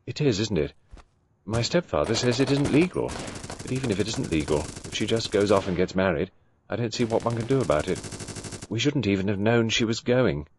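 A man's voice: on the low side, a little fast, noisy background. A man voicing a tired, apathetic young woman who speaks dully and without interest. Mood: weary. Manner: dull, flat, uninterested.

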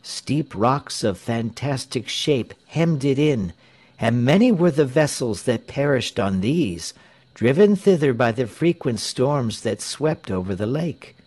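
A man narrating a story in a measured, clear way for English learners. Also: mid-range voice, animated, a little mellow.

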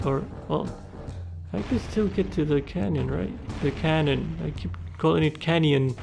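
Over background game music, a male gaming YouTuber delivers profane, exclamatory let's play commentary as he plays. His voice sits on the high side, gravelly, at a normal speed.

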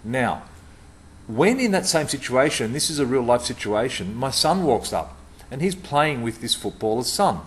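A man's voice: medium pitch, very animated, moderate pace. A middle-aged man giving a punchy, emphatic talk to camera about customer service, repeating words for stress.

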